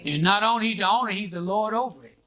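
A man's voice: high-pitched, fast talker, bright, forceful tone. A man preaching a sermon in a call-and-response style, prodding his congregation with "what?" and "huh?" and waiting for them to answer. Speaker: pastor.

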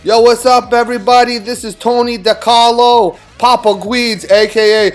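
A man's voice: extremely high pitch, fairly even intonation, moderate pace, voice pushed up. Man doing a guido Santa Claus, brash, crude, boastful, faint guitar music behind. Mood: boasting. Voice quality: loud, brash, swaggering.

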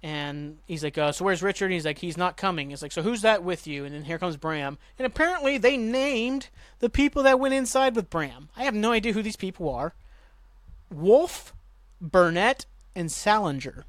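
Guy rambling through a show recap, kinda high voice, dry close sound, swears a lot. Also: expressive, no room sound. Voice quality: rambling, swears, acts out lines with quick voice jumps. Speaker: podcast host. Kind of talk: casual episode recap.

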